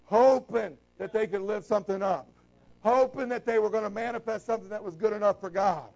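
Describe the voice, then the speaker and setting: Male preacher, very high voice, fair amount of fry, fervent and shouty at peaks, muffled lo-fi sound. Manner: impassioned, breaks into shouts, slows down to stress key lines. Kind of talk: sermon. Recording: dull lo-fi recording.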